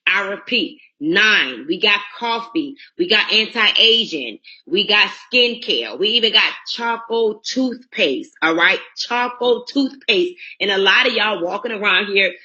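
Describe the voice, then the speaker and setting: Woman, bright forceful voice, blunt preachy sales pitch over a dull phone-call line. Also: expressive, a little slow, few pauses. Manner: blunt, preachy, talks straight to listeners. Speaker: network marketing recruiter.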